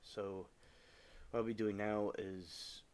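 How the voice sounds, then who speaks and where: A man chatting casually on a gaming livestream from home, rambling with halting restarts as he talks over his game. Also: lowish voice, level tone, a little mellow, a little hiss or hum. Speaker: live streamer.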